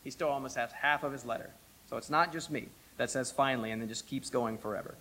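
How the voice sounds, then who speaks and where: A male pastor preaching a sermon, emphatic and lively, with self-deprecating asides. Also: medium pitch, quick pace, slight background noise, low-quality recording.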